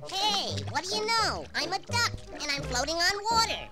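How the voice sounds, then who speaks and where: A cheeky little woodpecker with a high, squeaky cartoon voice that leaps wildly up and down. He sounds excitable and boastful. Loud music plays under the vintage storybook record. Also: normal speed. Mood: delighted.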